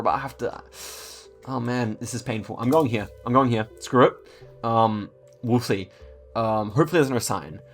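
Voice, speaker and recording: A man talks through his own gameplay in an easy, mid-pitched voice, thinking out loud and tripping over words with frequent ums and uhs. Faint music plays quietly underneath his commentary.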